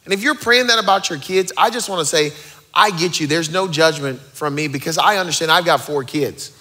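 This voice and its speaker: A man in his thirties preaching a sermon as pastor, energetic and rallying the crowd with joking asides. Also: fairly high pitch, fairly quick.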